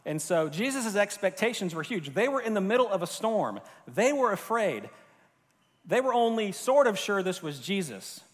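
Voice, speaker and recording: A man's voice: high voice, big pitch swings, moderate pace. A man from Florida preaching a sermon in a loose, conversational way, with fillers and restarts. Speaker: pastor. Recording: long hall reverb.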